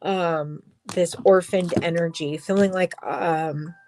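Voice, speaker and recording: A woman giving a personal tarot reading, emotional and halting, crying as she talks, with sighs and soft whispered asides. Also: lowish voice, fairly even intonation, background noise. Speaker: tarot reader.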